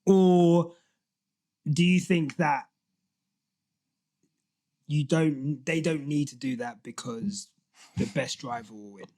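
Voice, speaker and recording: A man co-hosting a podcast in casual chat, animated and often laughing as he reads posts aloud. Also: on the high side, slow, long pauses. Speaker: podcast co-host.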